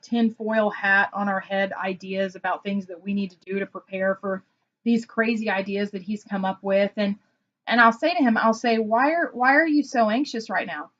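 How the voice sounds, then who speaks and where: A woman's voice: medium pitch, muffled recording. A woman consultant explaining personality types in a casual vlog, telling stories and acting out quotes. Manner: animated storytelling with acted-out quotes. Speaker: Enneagram consultant.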